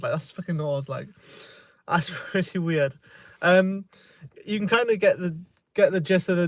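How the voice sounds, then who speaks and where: A man's voice: fairly high pitch, dry recording. A man with a Welsh accent chatting casually on a phone livestream, rambling and hesitant, swearing freely. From Wales. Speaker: self-help vlogger. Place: outdoors in a remote spot. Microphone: phone held in hand.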